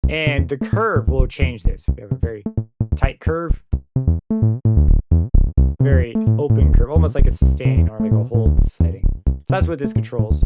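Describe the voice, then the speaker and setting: A young man walking through a software synth plugin in a casual tutorial, thinking aloud and correcting himself as he goes. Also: medium pitch, animated, a little slow, long pauses. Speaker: plugin reviewer. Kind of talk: screen-recorded software tutorial. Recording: dry close mic with synth music under it.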